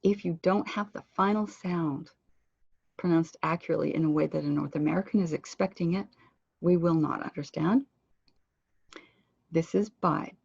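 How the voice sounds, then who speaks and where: Woman teaching pronunciation on a web call, low gravelly voice, a bit husky, dull dry audio. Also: mellow, no room sound. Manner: clear, deliberate teaching delivery, slowing down to model words. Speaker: pronunciation instructor. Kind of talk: online presentation lesson. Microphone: computer microphone on a web conference.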